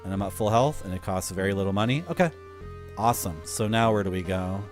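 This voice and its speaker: A man's voice: fairly low pitch, expressive, fast, faint music behind. A man streaming a video game and chatting casually, with wry asides to his viewers. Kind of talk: casual gameplay commentary.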